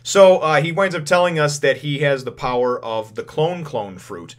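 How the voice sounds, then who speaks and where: A man's voice: a little high, moderate pace. Chuckling, rambling male manga reviewer. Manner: rambling, chuckling often, many fillers. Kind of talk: casual spoken review.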